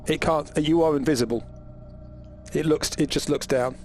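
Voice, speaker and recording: A man narrating as game master, often halting with restarts and ums. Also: on the high side, fairly even intonation, a little mellow, faint music behind.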